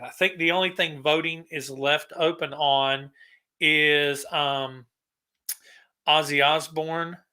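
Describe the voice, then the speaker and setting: A man's voice: fairly high pitch, sharp tone. A man hosting a casual live stream, rambling and greeting viewers by name as he talks. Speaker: livestream host.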